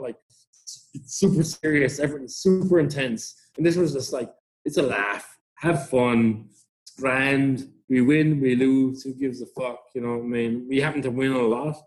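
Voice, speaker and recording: A man's voice: on the high side, darkish tone. A middle-aged Irish man telling rambling stories in a casual interview, swearing freely and laughing often. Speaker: interview guest, rugby club founder.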